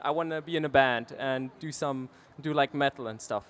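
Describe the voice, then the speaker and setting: A man with a German accent asking a question from the audience, halting and hesitant. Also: mid-range voice.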